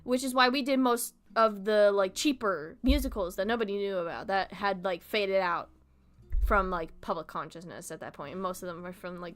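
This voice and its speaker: Young adult woman, streamer, casual chat, bright voice, animated, swears a lot, faint guitar behind. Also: mid-range voice, moderate pace. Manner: animated, heavy swearing, frequent laughter.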